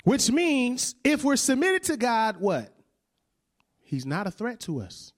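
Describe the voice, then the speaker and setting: A man's voice: very high voice, huge pitch swings, slow. A male preacher in his thirties giving a conversational sermon, often checking in with "right?" and laughing along with the congregation.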